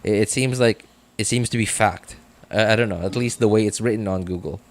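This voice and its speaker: A man's voice: lowish voice, brisk. A man chatting casually on a gaming live stream, rambling and self-deprecating, full of fillers like "like" and "uh". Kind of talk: casual live-stream chat while playing.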